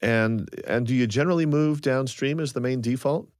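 A man's voice: mid-range voice, moderate pace, a little mellow, no room sound, clean studio sound. A male radio host, amused and chuckling easily, narrating from a script and asking his guest questions.

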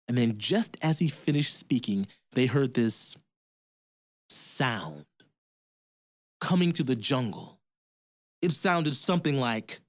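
Slow, lively male storyteller. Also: mid-range voice. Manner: lively and rhythmic, with sound effects. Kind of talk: told folk tale.

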